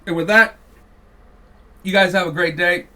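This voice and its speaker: A man's voice: sits high, fairly even intonation, normal speed, sharp tone, distant mic. A man hosting a podcast, launching into a heated, profane, mocking political rant. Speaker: podcast host.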